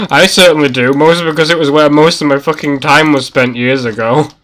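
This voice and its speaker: A man's voice: fairly high pitch, a little slow, fairly bright tone. A man streaming a game and chatting casually with friends, rambling and swearing as he talks. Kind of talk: casual gaming chat.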